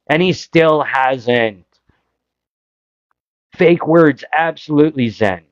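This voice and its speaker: A man's voice: a little high, slow pace, pauses often, no echo, muffled recording. A Canadian man hosting a podcast, giving casual political commentary in an impassioned, frustrated way, full of rhetorical questions. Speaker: podcast host.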